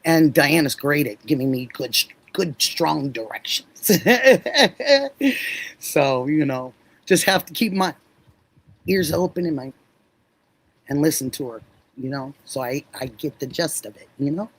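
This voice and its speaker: A woman's voice: deep voice, a little slow, long pauses, breathy edge, no room sound, low-quality recording. Middle-aged woman chatting on her livestream, super talkative, laughing a lot, thanking viewers. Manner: chatty, effusive, laughs often. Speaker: livestream host. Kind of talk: casual chat with live viewers.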